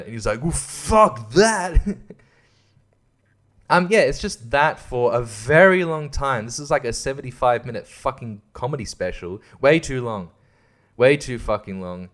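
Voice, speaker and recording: Sarcastic, profane male podcast host. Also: mid-range voice. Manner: profane, sarcastic, laughs at his own jokes. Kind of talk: casual ranting podcast review.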